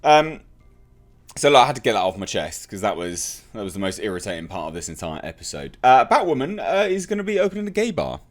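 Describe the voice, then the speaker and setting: A man's voice: on the low side, big pitch swings, fast. A British man hosting an opinionated TV review, ranting bluntly and sarcastically. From Britain. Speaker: TV reviewer host.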